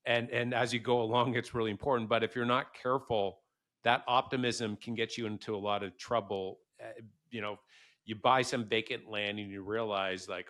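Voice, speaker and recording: A man hosts a podcast interview, talking casually and animatedly and acting out quoted thoughts with laughter. His lowish voice has fairly even intonation, a normal speed and a fairly bright tone, recorded as clean studio sound with no echo.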